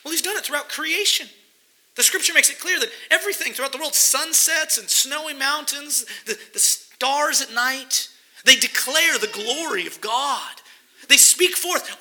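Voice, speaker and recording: A man's voice: very high-pitched, normal speed, bright, forceful tone, low-quality recording. A man preaching a sermon, reading scripture verses aloud and explaining them with emphasis. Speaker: pastor.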